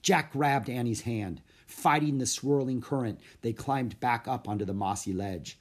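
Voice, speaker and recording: A man narrating a children's storybook in a steady, measured reading voice. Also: medium pitch. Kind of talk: storybook read-aloud narration.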